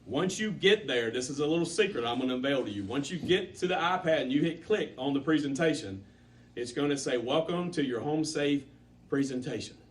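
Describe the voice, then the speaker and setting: A man running a sales training for a live group, coaching with animated, repetitive emphasis. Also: a little high, a little fast, distant mic, slight background noise.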